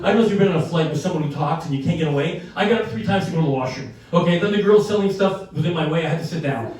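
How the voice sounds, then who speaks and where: A man's voice: on the high side, racing, a little mellow. An older man doing brash, profane stand-up storytelling, laughing through his lines. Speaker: stand-up comedian. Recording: echoey room from far off.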